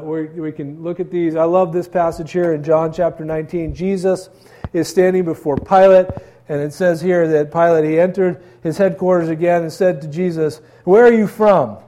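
A male pastor preaching an earnest, conversational sermon, often pausing with fillers. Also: fairly high pitch, fairly even intonation, dark tone.

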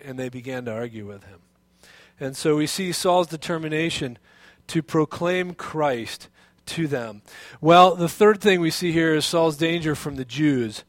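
A man preaching a sermon as pastor, telling a personal story in an animated way with many restarts and fillers. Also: fairly high pitch, normal speed, dry recording.

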